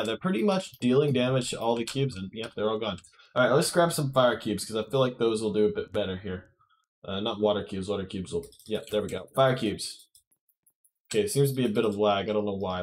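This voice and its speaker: A man's voice: mid-range voice, slight background noise. A man giving casual gameplay commentary to his viewers, chatty and often correcting himself. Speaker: gaming YouTuber.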